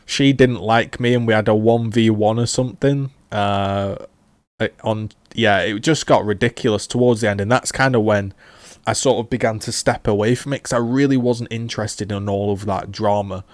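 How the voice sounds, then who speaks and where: A man looks back on his gaming days in a loose, rambling way, full of fillers and restarts. His voice is on the low side, recorded dry and close with almost no room sound. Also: steady tone, normal speed, no echo. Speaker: gaming YouTuber. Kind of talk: casual retrospective commentary.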